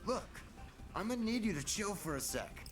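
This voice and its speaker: An actor playing a brash, tough young street punk who talks slangy and cocky, heard in game audio from a distance over music. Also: male voice, high-pitched, big pitch swings, normal speed. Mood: urgent. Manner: slangy, cocky, says yo and y'all.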